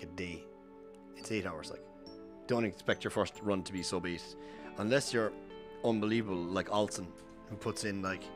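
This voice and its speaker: An Irish man giving casual, rambling speedrun commentary over gameplay, full of fillers and self-corrections. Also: on the low side. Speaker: streamer.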